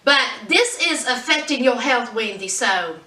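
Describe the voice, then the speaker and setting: A woman's voice: on the high side, expressive, measured pace, pushed and bright. A woman vlogger chatting casually about celebrity news in a sassy, gossipy way. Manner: chatty, sassy, says "honey". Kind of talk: casual pop-culture commentary. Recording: roomy echo, distant mic.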